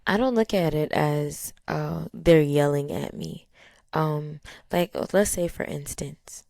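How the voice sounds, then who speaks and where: A woman with a low voice and some vocal fry talks through her thoughts in a steady, unhurried way. Her tone hardly changes, and she fills her pauses with small fillers. The sound is dry and close. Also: dry recording. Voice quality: low, even tone. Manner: calm, steady, many fillers. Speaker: podcast host. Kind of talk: casual reflective talk.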